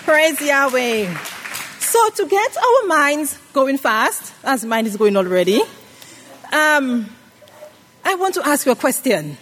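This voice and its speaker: A woman's voice: high voice, very animated, takes it slowly, fairly bright tone, some chatter behind, slight background noise. A woman preaching a sermon to a congregation, calling out questions for them to answer. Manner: call-and-response, asks the congregation questions. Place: worship hall. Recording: reverberant worship hall.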